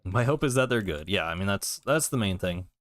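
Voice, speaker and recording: A man's voice: lowish voice, lively intonation, fairly quick, fairly bright tone. A young man streaming a game, chatting casually and hesitantly, answering chat between plays.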